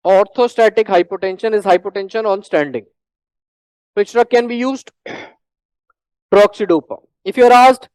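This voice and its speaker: A teacher with an Indian English accent giving a classroom lecture on medical exam prep, repeating points emphatically and clearing the throat often. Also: medium pitch, moderate pace, darkish tone, dry recording, poor audio.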